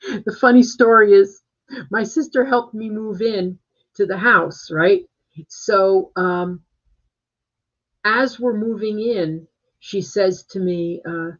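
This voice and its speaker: A man's voice: high-pitched, lively intonation, a little slow, a bit bright. A man working as a real estate agent, chatting casually on a live stream from home and rambling with plenty of fillers and restarts. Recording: dull lo-fi live-stream audio.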